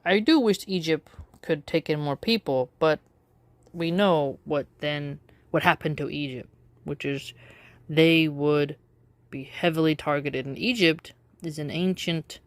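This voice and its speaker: A woman giving casual opinion commentary in a wry, measured way, drawing out her phrases with pauses. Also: low voice, no echo. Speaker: political commentary vlogger.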